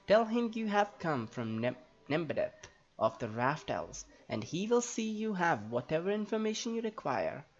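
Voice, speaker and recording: A man's voice: a little high, big pitch swings, normal speed. A man reading as a proud elf trader woman. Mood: earnest. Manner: stately read-aloud dialogue. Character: female raft elf trader, proud, helpful. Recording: slightly dull audio, faint game music.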